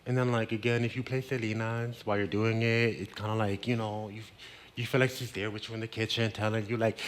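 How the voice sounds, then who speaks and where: A man's voice: lowish voice, flat delivery, a little fast. Chatty man hosting a cooking demo. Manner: chatty and playful, drops Spanish words. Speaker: cooking show host. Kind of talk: casual cooking demonstration. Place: home kitchen.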